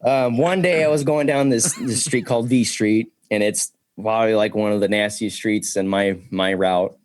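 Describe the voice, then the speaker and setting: A man's voice: on the low side, moderate pace, no room sound, clean studio sound. A young man, a podcast guest, telling wild stories in casual talk, swearing constantly and acting out the voices of the people in them. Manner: excitable, swears a lot, acts out voices in his stories.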